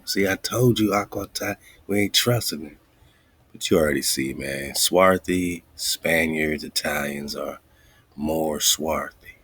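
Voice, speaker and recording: A man hosting a radio show, thinking aloud as he looks up words, muttering and whispering asides to himself and reading quoted lines slowly. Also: deep voice, a bit bright, slightly rough. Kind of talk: casual research talk, looking up words live.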